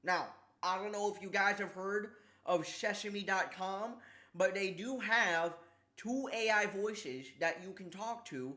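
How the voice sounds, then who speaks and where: A man streaming casually, talking haltingly with a slight lisp from a sore tongue, repeating words and struggling with S sounds. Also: sits high, sharp tone. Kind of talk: casual livestream chat.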